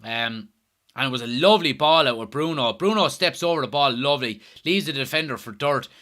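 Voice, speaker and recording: A man's voice: mid-range voice, brisk, bright, forceful tone. An Irish man hosting a live football watchalong stream, chatting casually, reading out viewer comments and answering them. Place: at home.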